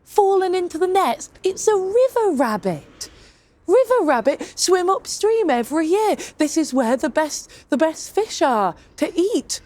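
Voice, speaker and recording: A woman's voice: very high-pitched, very animated, unhurried, darkish tone, voice pushed up, heavily acted. A woman voicing a scheming, sly male woodcarver who talks his way out of trouble.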